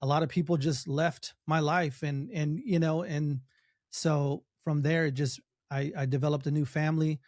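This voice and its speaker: A man's voice: on the high side, fairly even intonation, moderate pace, darkish tone, dry recording, studio quality. A man speaking as a podcast guest, telling his story earnestly with many restarts and fillers. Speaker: podcast guest, documentary filmmaker. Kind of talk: casual interview talk.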